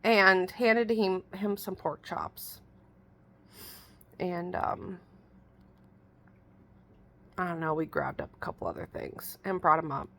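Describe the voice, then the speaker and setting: A middle-aged woman tells a long, rambling story to the camera in a casual vlog. Her voice has a gravelly, fry-laden edge, and she talks in a folksy, exasperated way, piling one detail onto the next. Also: lowish voice, animated, takes it slowly, long pauses, a bit bright. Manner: chatty, rambling, exasperated retelling with a rural folksy way of talking. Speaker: vlogger.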